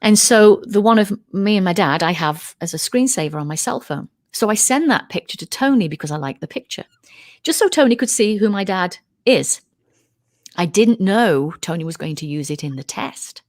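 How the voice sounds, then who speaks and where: Animated woman telling a story. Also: medium pitch, moderate pace. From United Kingdom. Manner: animated, acts out quoted voices. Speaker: guest, UFO researcher. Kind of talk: casual interview storytelling.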